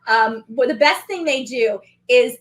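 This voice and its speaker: Woman co-host, 30s, high voice, chatty and animated, casual recap talk. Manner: chatty, animated, quick asides. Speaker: podcast co-host.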